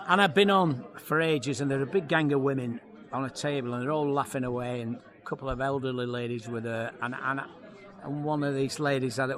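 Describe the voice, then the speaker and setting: Comic in his fifties, lively yarn-spinner doing voices, interviewed outside over a busy crowd. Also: mid-range voice, fast talker. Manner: lively storyteller, acts out voices, laughs often. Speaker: comedian guest. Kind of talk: anecdotal interview chat. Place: outdoor launch event. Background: crowd chatter.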